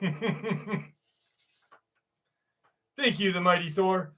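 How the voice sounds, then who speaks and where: Bright-voiced joking livestream host man. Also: high-pitched, extremely slow. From New York. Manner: jokey, crude, greets chatters by name. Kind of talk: casual livestream chat.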